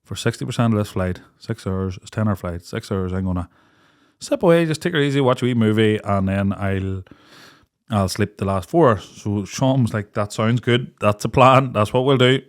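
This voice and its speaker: This young podcast co-host speaks on the low side at a normal speed. Chatting casually, he tells a story with lots of energy, performing the quoted voices of its characters and laughing frequently.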